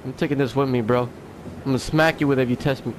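A man playing a horror game, talking to it out loud, jumpy and quick to swear. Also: mid-range voice, fairly even intonation, background noise. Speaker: gaming video host. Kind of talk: let's play horror game commentary.

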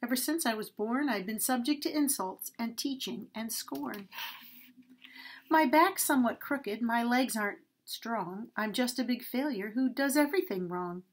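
A woman voicing a timid, weak young male donkey who pleads and frets in a high, loud voice. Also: moderate pace, breathy edge. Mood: anxious.

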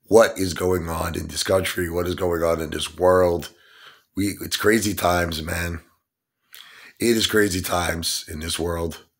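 A man's voice: low voice, steady tone, measured pace. A middle-aged man, ranting in an exasperated vlog monologue full of rhetorical questions. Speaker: online stock vlogger.

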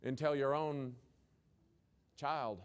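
A man's voice: medium pitch, steady tone, very slow, smooth. A man who is a former principal, giving a keynote talk to school leaders with punchy rhetorical questions and folksy humor. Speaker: education speaker, former principal.

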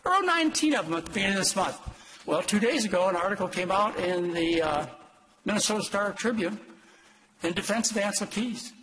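An older man, a doctor, lecturing an audience in an emphatic, exhortative way with sudden leaps in pitch. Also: expressive, a little fast, a bit bright, rough recording. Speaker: doctor giving a talk.

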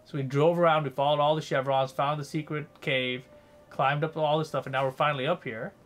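Young man, streamer, casual gameplay commentary, rambling, profane, slightly high-pitched. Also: little pitch movement, brisk. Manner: rambling, profane, chatty with viewers.

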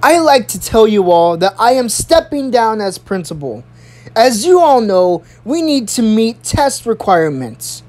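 A young adult storyteller putting on a furious, strict woman principal who scolds in a shrill, drawn-out way. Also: very animated, darkish tone. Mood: formal.

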